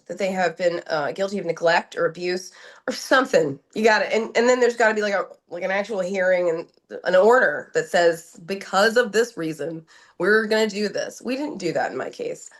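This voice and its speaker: A woman's voice: on the low side, moderate pace. A woman from New Jersey, a podcast guest, telling her story in an urgent, emotional way, full of restarts, repeated words and quoted dialogue. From New Jersey, USA.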